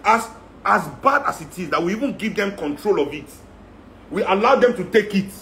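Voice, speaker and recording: A man's voice: high-pitched, animated, a little fast, sharp tone, a little hiss or hum. A man with a Nigerian accent giving an impassioned rant, firing off rhetorical questions. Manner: heated, rhetorical, repeating questions. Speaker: speaker in a talk.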